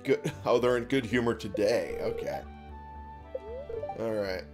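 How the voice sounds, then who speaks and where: A man's voice: on the low side, lively intonation, measured pace. A man giving casual commentary over his own gameplay. He swears a lot, laughs often, and keeps exclaiming in exasperation. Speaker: let's play streamer. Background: game music.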